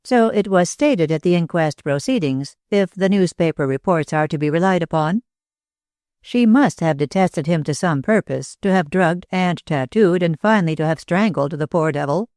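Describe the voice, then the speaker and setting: A woman voicing a small, intense older male inventor who speaks in a grave, deliberate way in an audiobook. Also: lowish voice, lively intonation, a little mellow, dry recording, clean studio sound, close to an everyday voice.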